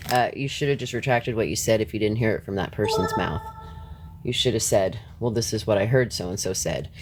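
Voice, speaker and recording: A man's voice: fairly low pitch, a little fast, background noise. Man, live-stream host, blunt, confrontational, swearing, talking back to chat. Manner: talks back to chat, laughs between points. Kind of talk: live-stream rant to viewers.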